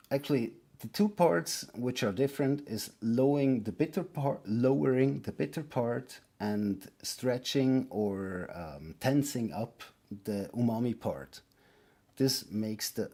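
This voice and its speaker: A man's voice: medium pitch, a little mellow, husky. A man with a Swiss German accent giving a casual online pronunciation lesson, hesitant and full of fillers and restarts. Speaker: language teacher.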